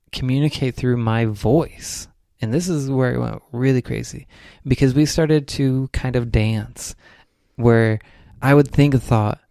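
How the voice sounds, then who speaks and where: A man's voice: medium pitch, creaky, darkish tone, smooth, no echo, clean studio sound. A young man, a podcast co-host, telling a rambling spiritual story in casual chat, full of "like"s.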